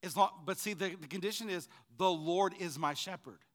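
High, bright-voiced preacher man. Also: moderate pace. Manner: call-and-response preaching, swinging from shouts to quiet asides. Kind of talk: sermon.

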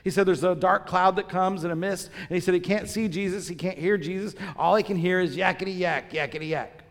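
A man's voice: high-pitched, steady tone, brisk, gravelly. A man preaching a sermon, emphatic, repeating phrases and asking the congregation questions. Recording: long reverb of a large church hall.

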